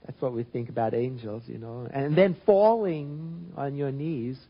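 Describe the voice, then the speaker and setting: A man giving an informal spiritual talk, reflective and gentle, often restarting and trailing off softly. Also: mid-range voice, measured pace, lo-fi sound. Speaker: spiritual teacher.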